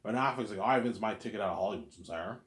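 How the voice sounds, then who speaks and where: Stammering, profane low-voiced man. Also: very fast. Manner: profane, stammers and repeats words. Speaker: vlogger. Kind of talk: rambling monologue. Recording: echoey room.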